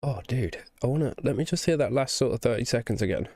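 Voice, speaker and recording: Speaking fast and animated in a mid-range, slightly mellow voice, this young man runs a music reaction YouTube channel and is clearly congested with the flu, sounding nasal. He chats in a rambling, enthusiastic, sweary way, leaning on "you know what I mean?", and the studio recording is clean with no echo.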